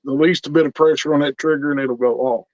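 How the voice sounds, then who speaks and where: A man's voice: fairly high pitch, fairly even intonation, a little fast, no room sound, muffled recording. Earnest, folksy male storyteller. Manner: folksy, earnest, repeats words when building tension. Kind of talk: casual spoken storytelling.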